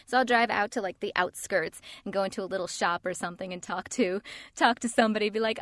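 A woman voice actor in casual chat, telling stories in a lively, animated way. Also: mid-range voice, a little fast, no echo. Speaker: voice actor, podcast co-host.

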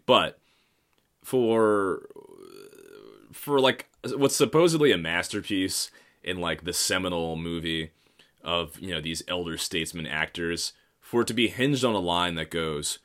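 A man's voice: low voice, a bit bright. A man in his thirties rambling through a casual, profane, self-mocking monologue. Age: 30s.

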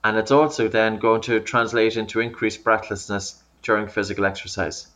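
A man's voice: lowish voice, fairly even intonation, normal speed, fairly bright tone. A man working as a breathing coach, patiently explaining in an interview over a remote call, often restarting his sentences. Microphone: remote call audio.

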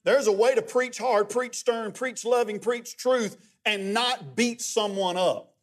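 A middle-aged man preaching as a guest pastor, telling stories in a lively, humorous way. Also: extremely high pitch, a little slow. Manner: animated, humorous storytelling with many restarts. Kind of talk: sermon.

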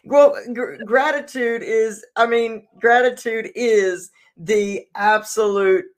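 Earnest high-voiced male podcast host. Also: slow. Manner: reflective, earnest, with fillers. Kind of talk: casual podcast chat.

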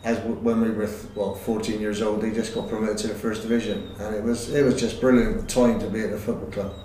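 A middle-aged man and former footballer, recalling his career in a halting, rambling way with many fillers. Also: on the low side, flat delivery, dark tone, a little hiss or hum. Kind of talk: casual interview chat. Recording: roomy, distant recording.

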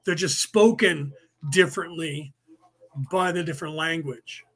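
Unhurried and husky, with a voice on the high side and a bit bright, a podcast host leads a casual livestreamed class. He explains in a roundabout way, repeating himself and spelling words out letter by letter.

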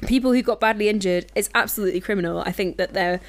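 A woman's voice: medium pitch, quick pace. A woman co-hosting a casual podcast chat, blunt and swearing as she explains policy with conviction. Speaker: podcast co-host.

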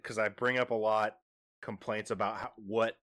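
A man's voice: fairly low pitch, little pitch movement, normal speed, fairly bright tone. A man co-hosting a podcast, chatting casually about a TV episode with dry joking asides. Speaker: podcast co-host. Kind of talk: casual chat, recapping a TV episode.

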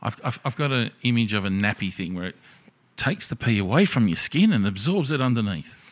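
A man's voice: fairly low pitch, brisk. A man telling a crude story in casual chat, swearing freely and acting out the other voices in it. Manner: profane, animated storyteller.

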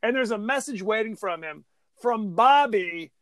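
A man's voice: high voice, measured pace, no echo. A man co-hosting a podcast, chatting in a jokey, rambling way about a film. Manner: animated, jokey, rambling with restarts. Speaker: podcast co-host. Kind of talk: casual film discussion chat.

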